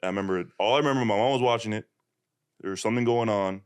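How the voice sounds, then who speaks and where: A man's voice: lowish voice, rapid-fire, clean tone, no room sound, clean studio sound. A young man hosting a podcast in a laid-back, easygoing chat, laughing easily. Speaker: podcast host. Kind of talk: casual chat.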